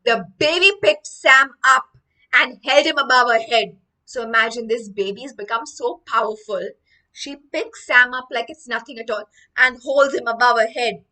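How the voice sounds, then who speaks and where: A woman's voice: on the high side, moderate pace, pushed and bright, recorded from a distance, low-quality recording. A woman teaching English vocabulary through a story, explaining each line after she reads it.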